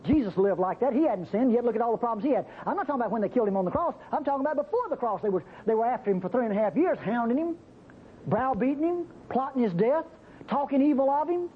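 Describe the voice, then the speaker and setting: A man preaching a sermon, acting out the biblical speakers with sudden jumps in pitch. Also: animated, quick pace. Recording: muffled, faintly noisy old recording.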